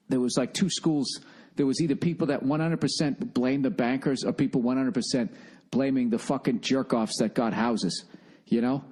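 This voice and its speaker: With a mid-range, slightly mellow voice, this middle-aged Bostonian hosts a podcast on his own. He rambles distractedly, swearing and making fun of himself.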